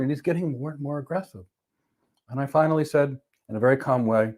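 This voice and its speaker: A man co-hosting a podcast, talking in a measured, deliberate way and slowing down on emphatic phrases as he tells a story. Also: medium pitch, darkish tone. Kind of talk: casual conversation, storytelling.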